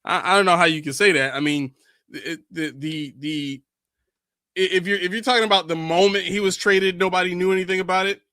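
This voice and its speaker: A man's voice: sits high, steady tone, brisk, sharp tone, no room sound, studio quality. A man co-hosting a sports show, reading a viewer's comment and pushing back on it. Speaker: podcast co-host. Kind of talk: casual sports talk.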